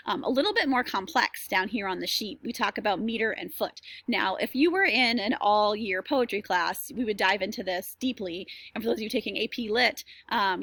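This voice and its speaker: Woman, teacher; casual reassuring lesson delivery with fillers, mid pitch, dry close sound on a computer mic. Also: fairly bright tone, dry recording. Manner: chatty and reassuring, many ums and likes. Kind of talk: recorded class lesson with screen share.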